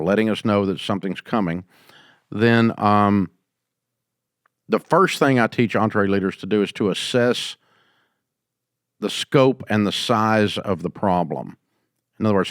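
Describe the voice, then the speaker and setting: An older man with a voice on the low side hosts a business advice show, answering a caller in a folksy, storytelling style and growing quieter whenever he quotes someone. It's call-in advice talk with studio-quality sound and no room noise.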